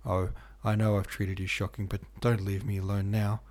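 A man reading aloud and voicing a frightened, ill young woman who speaks hoarsely and pleads. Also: fairly low pitch, little pitch movement, moderate pace, a little mellow, lightly acted. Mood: pleading. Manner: clingy, fearful pleading.

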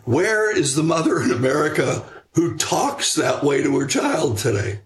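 An older man answering interview questions about raising children in a measured, reflective way, pausing on fillers and restarting sentences. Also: fairly high pitch, big pitch swings. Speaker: guest author on parenting.

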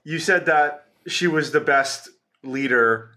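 A man interviewing a guest, asking questions in a halting way. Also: on the high side, bright, forceful tone.

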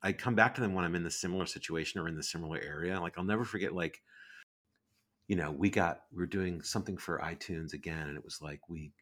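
Middle-aged guy, really low voice, rambling story with lots of restarts, casual podcast guest. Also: fast. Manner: animated, rambling anecdotes with many restarts.

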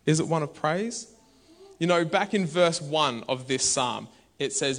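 A man's voice: fairly high pitch, unhurried. A man, preaching a conversational sermon in a church. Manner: conversational and animated, bursts into shouts. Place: church hall.

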